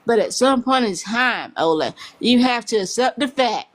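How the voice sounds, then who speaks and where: A woman's voice: on the high side, expressive, moderate pace. A woman on a live panel, confrontational and stammering as she rebukes another speaker. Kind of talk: heated live-stream debate.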